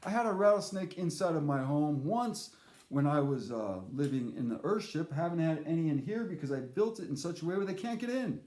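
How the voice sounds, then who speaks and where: A man telling a casual spoken anecdote in a rambling, animated way, with fillers and restarts. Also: on the high side, a little fast. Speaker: storyteller. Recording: echoey room.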